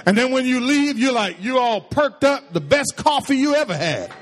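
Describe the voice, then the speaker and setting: Animated high-voiced male preacher. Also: moderate pace, a little hiss or hum. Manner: animated, conversational preaching with playful asides; acts out quoted voices in a high pitch. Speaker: pastor. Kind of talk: sermon.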